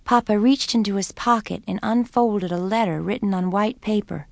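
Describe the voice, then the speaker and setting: A woman narrating a children's audiobook in an unhurried, tender storytelling manner, recorded in a studio. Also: mid-range voice, steady tone, vocal fry, dry recording.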